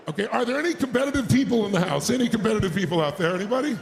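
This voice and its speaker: A man giving a motivational speech to a live crowd on an arena stage. He is energetic and shouts to pump up the crowd, with crude, joking asides. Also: very high voice, rapid-fire, gravelly, few pauses. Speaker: motivational speaker.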